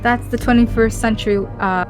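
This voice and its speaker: A woman's voice: fairly high pitch, fairly even intonation, a little fast, close to an everyday voice. A woman voicing a cynical, plainspoken female radical as she reads a game's dialogue aloud, with game music underneath. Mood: scornful. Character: sharp-tongued female radical speaking out against a baron.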